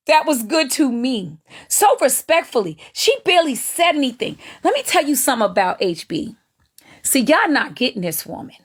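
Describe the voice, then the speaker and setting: A woman hosting a live stream, giving gleeful gossip commentary on other streamers. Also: high voice. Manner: animated, gleeful, drawling Southern Black vernacular phrasing.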